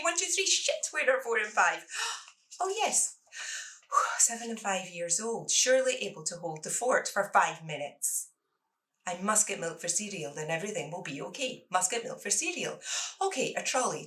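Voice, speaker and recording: Bright-voiced Scottish woman author reading aloud. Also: lowish voice, low-quality recording. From Scotland. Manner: expressive reading, lively in the poem. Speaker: debut author. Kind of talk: reading her own prose and poetry.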